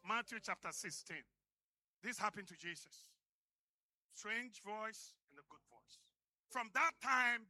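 A man preaching a sermon, swinging from booming peaks to hushed low phrases and firing questions at the congregation.

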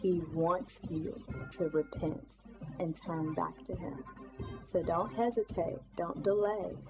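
A woman narrating and reading scripture in a measured way, urging listeners to repent. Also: lowish voice, rough recording. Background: music.

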